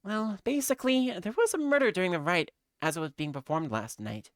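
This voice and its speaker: A woman voicing an earnest young female investigator in a fan voice-over of a game, briskly explaining. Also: on the low side, lively intonation, no room sound, studio quality, lightly acted.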